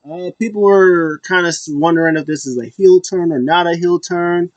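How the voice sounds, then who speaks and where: A man's voice: high voice, moderate pace, dry recording, dull audio. A man hosting a casual solo recap, rambling with many fillers and acting out quotes in passing. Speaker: wrestling show recap host.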